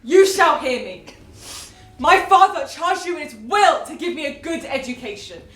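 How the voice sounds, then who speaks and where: A woman's voice: fairly high pitch, normal speed, echoey room, close to an everyday voice. Woman playing a defiant young brother. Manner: defiant, declamatory. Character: proud wronged youngest brother. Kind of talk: amateur stage acting.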